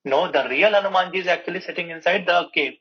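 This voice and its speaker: A man voicing a mocking male monkey who guards a cave, talking fast and scoffing, in a muffled recording. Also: sits high, close to an everyday voice.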